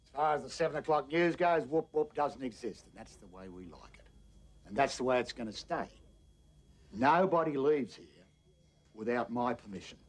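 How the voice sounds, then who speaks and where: Daddy-O, a blustering outback patriarch. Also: male voice, mid-range voice, expressive, moderate pace. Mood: domineering. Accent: Australian. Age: older. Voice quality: menacing, blustering and gruff. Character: crude domineering older male outback town patriarch. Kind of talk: film acting.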